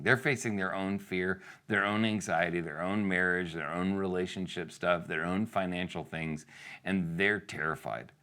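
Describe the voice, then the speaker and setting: A man's voice: sits low, bright, forceful tone. A male pastor preaching a sermon in a conversational way, asking rhetorical questions and acting out the lines of the people in the story. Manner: conversational, asks the congregation rhetorical questions, acts out quotes.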